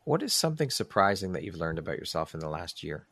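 A man's voice: low voice, sing-song, quick pace, vocal fry, fairly bright tone, no room sound. A man hosting a podcast interview, asking reflective questions and giving earnest, effusive thanks. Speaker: podcast host.

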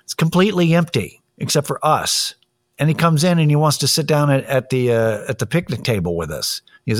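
A man's voice: on the high side, lively intonation, a little fast. A man talking in a casual monologue, blunt, opinionated and profane as he tells a story and gives his views.

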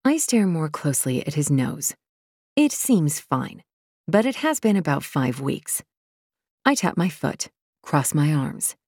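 A woman's voice: sits low, very animated, measured pace, darkish tone, slightly rough, dry recording. A woman giving tense, intense first-person audiobook narration, close to the mic. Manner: tense and intense, rising sharply when voicing the heroine.

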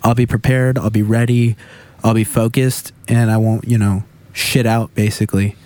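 A young man in casual chat, talking candidly and haltingly about himself. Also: lowish voice, level tone, a little mellow, no room sound.

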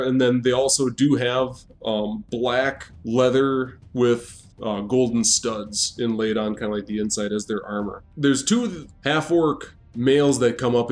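A man narrates a tabletop game as game master, loose and casual, with plenty of fillers. His voice sits at a middle pitch. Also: darkish tone.

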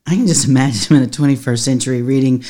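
A woman pastor, teaching in a conversational podcast monologue, earnest and quick to laugh. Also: a bass voice, warm tone.

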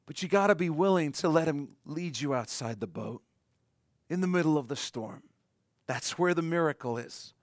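A man preaching a sermon in an earnest way, slowing down and softening on his key points. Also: a little high, lively intonation, no echo, clean studio sound. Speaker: pastor.

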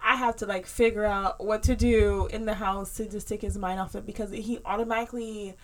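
A woman's voice: medium pitch, steady tone, fairly quick, low-quality recording. A woman who is a parent, talking in a chatty, rambling way with many fillers in casual conversation.

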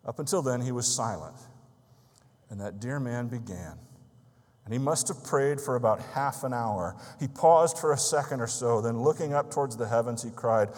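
A man's voice: medium pitch, animated, moderate pace, a little mellow, big-room sound. A man preaching a sermon, telling a story in an earnest, emphatic way.

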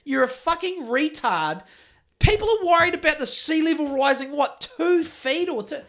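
Sweary ranting New Zealand man, high voice. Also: expressive, moderate pace, a bit bright. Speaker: podcast host. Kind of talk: casual chat.

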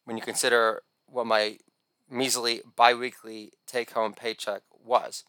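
Narrating a comic memoir, a man tells his story in a wry, rapid-fire way, now and then erupting into shouted catchphrases. His voice is mid-range, level, clear and resonant, with no echo.

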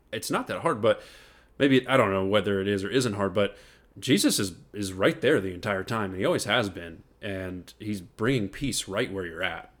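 Earnest low-voiced male podcast co-host. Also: a bit bright. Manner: earnest, reflective, laughs easily. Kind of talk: casual faith podcast chat.

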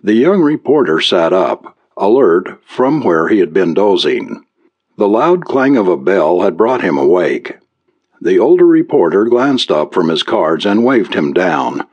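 A man narrating an audiobook in a measured, expressive reading. His voice sits very low yet moves in lively swings of pitch. He lets descriptive passages unfold at a steady storytelling pace. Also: highs cut off.

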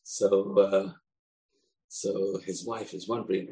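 A man's voice: medium pitch, moderate pace, creaky, poor audio. A man teaching a religious lesson, retelling old stories and acting out the characters. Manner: animated, acts out characters. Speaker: Torah teacher. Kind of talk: storytelling lesson.

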